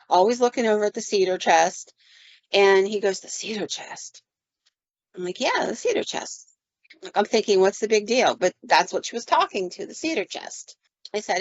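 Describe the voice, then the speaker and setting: A woman's voice: medium pitch, dry recording, muffled recording. A woman hosting a podcast, telling a paranormal story from her own work in a chatty manner and acting out the voices of the people in it. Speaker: podcast host. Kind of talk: casual storytelling.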